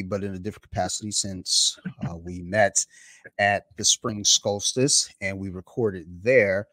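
A man's voice: on the low side, a bit bright, no room sound. A man hosting a podcast, telling stories in a rambling, laid-back way with lots of fillers. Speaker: podcast host. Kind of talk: casual chat. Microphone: home podcast mic.

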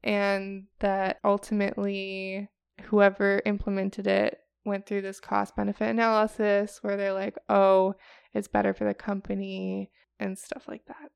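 A Chicago woman co-hosting a podcast tells a story in casual chat, laughing often and acting out quotes. Her mid-range voice is monotone, unhurried and creaky, with a clean tone on a dry recording.

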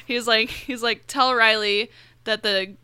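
Blunt laughy woman cohost, bright crisp voice, dry close mic. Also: on the high side, fairly even intonation, no room sound. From United States. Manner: blunt, laughing, quick to swear. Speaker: podcast co-host. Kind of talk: casual chat.

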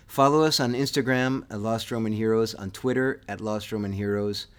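Excited guy co-hosting a history podcast, chatty and upbeat. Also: on the low side, normal speed, smooth. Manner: enthusiastic, eager. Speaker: podcast co-host. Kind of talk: casual chat.

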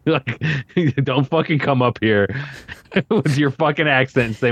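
A man co-hosting a podcast in relaxed, profane, filler-heavy chat. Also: medium pitch, measured pace. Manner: laid-back, swearing, filler-heavy. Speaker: podcast co-host and guest. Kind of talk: casual podcast banter.

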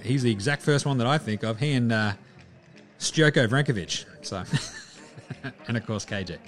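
A man's voice: medium pitch, moderate pace, a bit bright, soft background music. A man hosting a basketball show in casual solo commentary, loose and chatty, with the odd swear word. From Australia. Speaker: basketball podcast host.

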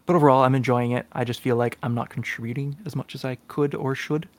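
A man's voice: mid-range voice, steady tone, fast. A man co-hosting a casual podcast chat, hesitant with lots of fillers, often laughing. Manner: hesitant, many ums and uhs, laughs often. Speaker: podcast co-host and player.

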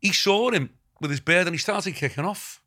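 Middle-aged man, Scouse accent, bright crisp voice, rambling anecdotes, casual chat. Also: high-pitched, normal speed. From Liverpool, England. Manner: rambling storyteller with many asides.

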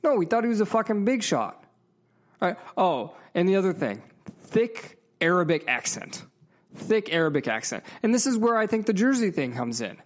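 A man's voice: sits high, sing-song, normal speed. A man in a casual, profane storytelling rant, emphatic and heated, with frequent asides to the viewer. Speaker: vlogger.

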